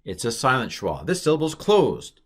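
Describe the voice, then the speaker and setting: A middle-aged man calmly explaining a language lesson in a recorded online course, with frequent ums and uhs. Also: mid-range voice, normal speed, slightly rough. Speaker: Hebrew teacher.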